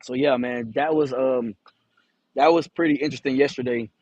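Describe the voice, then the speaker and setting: A man's voice: medium pitch, steady tone, moderate pace, darkish tone, no echo, muffled recording. A man who drives a truck, telling a rambling, profane story to camera, stuttering and repeating himself. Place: in his truck.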